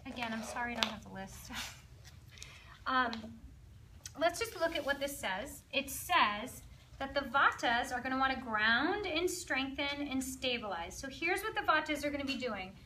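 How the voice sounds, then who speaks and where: A woman leading an ayurveda workshop, guiding slow breathing softly, then chatting in a lively, laughing way with her group. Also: sits high, a little hiss or hum. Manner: soft and slow during breathing guidance. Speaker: yoga and ayurveda workshop leader. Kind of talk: guided breathing instruction. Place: workshop room with participants.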